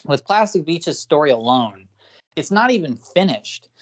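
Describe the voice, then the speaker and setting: This podcast co-host has a fairly high, sing-song voice and keeps a measured pace. In the casual discussion he rambles at length, filler-heavy and restarting frequently.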